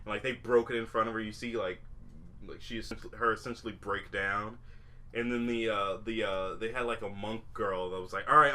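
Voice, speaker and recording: A man's voice: mid-range voice, bright, forceful tone. A young man co-hosting a podcast, chatting casually and rambling with lots of fillers, restarts and swearing. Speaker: podcast co-host. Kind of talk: casual chat.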